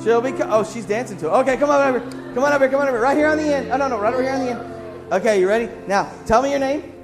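A man leading a children's church song game, coaxing the kids and singing and shouting cues. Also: extremely high pitch, very fast, music in the background, crowd noise.

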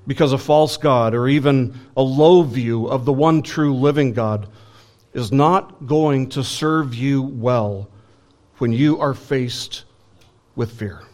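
A man's voice: mid-range voice, a little mellow. A man preaching a sermon in an earnest, emphatic way, building lists and asking rhetorical questions.

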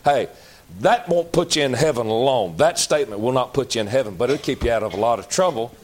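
A man preaching a sermon in a folksy, emphatic way, jumping to loud outbursts and dropping to low, slow asides. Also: a little hiss or hum. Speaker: pastor.

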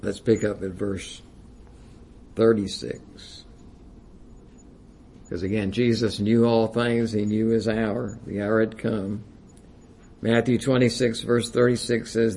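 A man's voice: lowish voice, level tone, takes it slowly, gravelly, pauses often, mellow. A man preaching a sermon, reading King James scripture aloud with rising emphasis and using frequent "you know" fillers.

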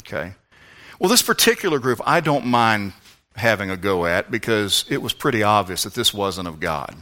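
A man's voice: on the low side, very animated, normal speed. Fervent preacher man. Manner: fervent, swings from shouts to hushed tones. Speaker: pastor. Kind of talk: sermon.

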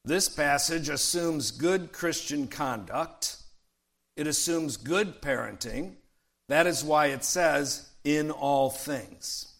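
A man preaching a sermon in an emphatic way, quoting scripture and slowing down to stress key phrases, with calls of "Amen?" to the congregation. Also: a little high, creaky, a bit bright. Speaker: pastor.

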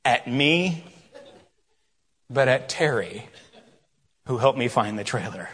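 A middle-aged man preaching a sermon, telling a story with quiet asides and loud, rising questions. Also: medium pitch, animated, slow. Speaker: pastor. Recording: long hall reverb.

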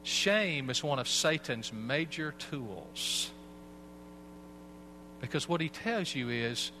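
A man's voice: fairly high pitch, animated, slow pace, noisy background. A man, a pastor, preaching a sermon and telling a personal story in an earnest way. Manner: earnest storytelling, acts out voices.

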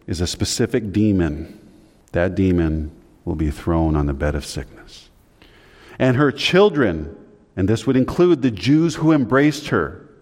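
Low-voiced man preaching in a reverberant hall. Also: a little mellow. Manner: rises in pitch and volume for emphasis, drops low at phrase ends; asks and answers his own questions. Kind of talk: sermon teaching on scripture.

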